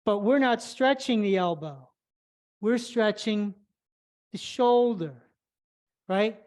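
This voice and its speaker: A woman runs a live online stretching session as a flexibility instructor, guiding each move step by step. She speaks slowly in a medium-pitched, darkish voice and is slightly out of breath.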